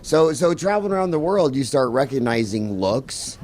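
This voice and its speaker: A man's voice: medium pitch, very animated, normal speed, darkish tone, slight background noise. A man hosting a casual interview, rambling and asking curious questions. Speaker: podcast host.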